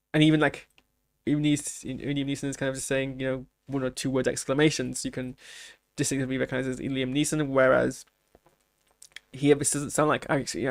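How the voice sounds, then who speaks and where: A man talks through his reactions in casual commentary, pausing and restarting as he thinks aloud. His voice is gravelly and sits mid-range for a man. The recording is close and dry. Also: medium pitch, dry recording. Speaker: trailer reaction host.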